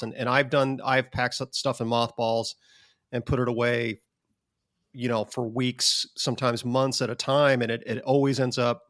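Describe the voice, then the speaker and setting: A man co-hosting a podcast in casual chat, emphatic and swearing freely. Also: mid-range voice. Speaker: podcast co-host.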